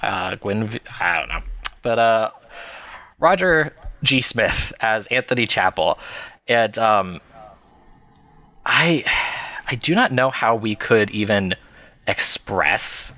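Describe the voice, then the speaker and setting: A man in a casual podcast chat, animated and sarcastic as he picks apart a bad action movie. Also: on the low side, slow pace, pauses often. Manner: animated, sarcastic, swears freely.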